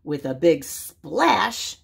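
An older woman reading a children's story aloud, expressive and animated. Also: low voice, very slow, vocal fry, husky.

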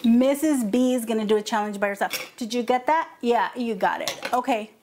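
A woman's voice: fairly high pitch, brisk, background noise. A woman hosting a home vlog, telling a story in a mock-upset, dramatic way and acting out the other people's lines, on a lapel mic. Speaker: vlog host. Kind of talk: casual chat to camera. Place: home kitchen.

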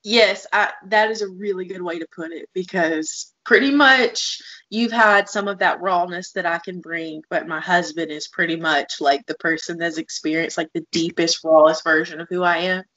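A woman co-hosts a podcast, speaking rawly, openly and with emotional frankness about her feelings in candid conversational talk. Her lowish, bright voice has a forceful tone and moves at a moderate pace with hardly any pauses, captured in dull lo-fi audio.

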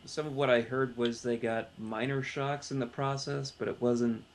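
A man of middle pitch chats about movies, adding quick jokes to the talk. A faint hiss runs under the recording. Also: fairly even intonation. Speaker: podcast co-host. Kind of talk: casual film discussion. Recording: faint background noise.

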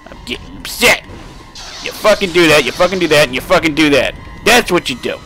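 This is a young let's play host riffing on his game over a desk microphone, profane and excitable with frequent laughter. His voice sits a little high and moves at a quick pace, with faint music in the background.

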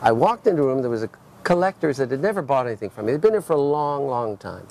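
Older man telling animated stories. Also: medium pitch, fast, vocal fry. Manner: animated storyteller, frequent restarts. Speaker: gallery owner. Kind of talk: casual lunch conversation. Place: restaurant.

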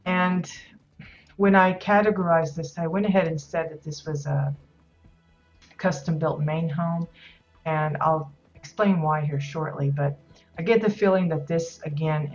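Low-voiced woman, casual rambling commentary. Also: highs cut off. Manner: rambling, many ums and restarts. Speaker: host touring player houses in a game.

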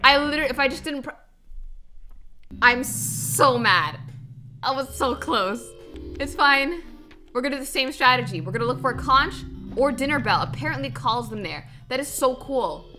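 A woman's voice: high-pitched, a little fast. A young woman streaming a video game, chatting to her viewers in casual gameplay commentary full of exclamations. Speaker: gaming streamer. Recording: music playing behind.

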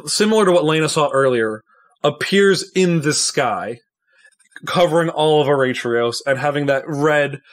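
A man game master narrates a tabletop role-playing session in a slow, easygoing way. His voice sits a little high and he talks with casual fillers.

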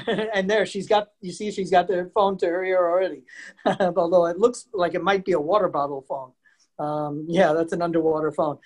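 A man giving a chatty virtual history lesson, laughing often and quizzing his audience. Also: high-pitched. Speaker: museum program presenter. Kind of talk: lively virtual lesson for kids and families. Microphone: video call.

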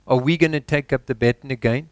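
A South African pastor preaching a sermon in church, exhorting with rhetorical questions and dropping his voice low for emphasis. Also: steady tone, quick pace, smooth, no echo.

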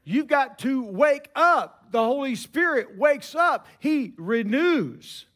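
High-voiced older preacher, slow and deliberate. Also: male voice, lively intonation, fairly bright tone. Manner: storytelling, emphatic pauses. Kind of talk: sermon.

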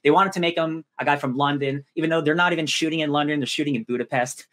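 A man co-hosting a podcast, reviewing a show in casual chat, talking quickly with lots of fillers and quick mock voices. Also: on the high side. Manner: fast, animated, filler-heavy, drops into mock voices. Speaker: podcast co-host.

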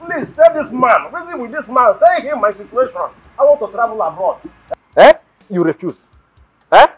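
A man's voice: very high-pitched, moderate pace, highs cut off, soft background music. An actor with a Nigerian accent playing an impatient young man desperate to travel abroad, pleading and stammering. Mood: resentful. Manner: excitable, pleading, stammering repetitions. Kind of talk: film drama acting.

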